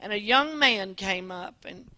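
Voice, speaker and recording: A woman's voice: mid-range voice, animated, measured pace, bright, forceful tone, no echo. A woman preacher telling an earnest testimony in a sermon, often restarting her words as she goes. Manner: earnest storytelling with frequent restarts.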